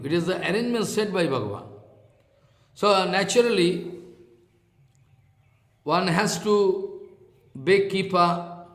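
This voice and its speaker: A man with an Indian accent giving a spiritual discourse, halting and repeating his phrases, now and then chanting verses. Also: high-pitched, fairly bright tone, roomy sound. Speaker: scripture teacher. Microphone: online talk.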